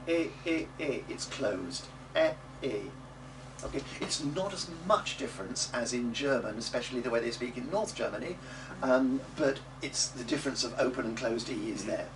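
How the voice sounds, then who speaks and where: A middle-aged man teaching a class how to say Italian words. He models each word slowly for the group to repeat and adds chatty little jokes. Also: mid-range voice. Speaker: early music teacher. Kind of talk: coaching a class in Italian diction. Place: classroom or rehearsal room. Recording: distant mic in a noisy room.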